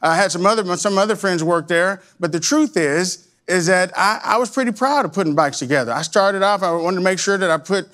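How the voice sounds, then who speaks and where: A man's voice: sits high, brisk, hardly any pauses, fairly bright tone. A man from Arkansas, telling a personal story in a rambling way with many restarts. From Arkansas, USA. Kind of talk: personal anecdote.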